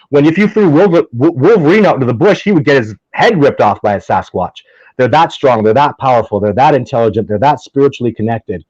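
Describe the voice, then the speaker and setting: Excitable man telling rambling stories. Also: medium pitch, dry recording, dull audio. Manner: enthusiastic, rambling, often restarts, gets heated. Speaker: guest, Sasquatch researcher. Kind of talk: casual interview storytelling.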